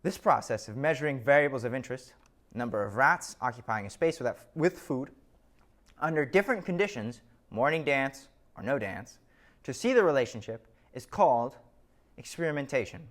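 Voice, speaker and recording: Lively male lecturer telling a story. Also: medium pitch, moderate pace. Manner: storytelling, wry asides. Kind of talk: scripted lecture narration.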